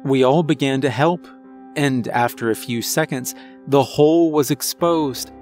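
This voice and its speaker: Slow-paced man narrating a horror story. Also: mid-range voice, a little mellow. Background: faint music.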